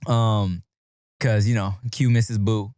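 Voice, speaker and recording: A man's voice: lowish voice, little pitch movement, slow, warm tone, no echo, studio quality. A man hosting a podcast, telling a story in casual chat with slang and swearing. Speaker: podcast host.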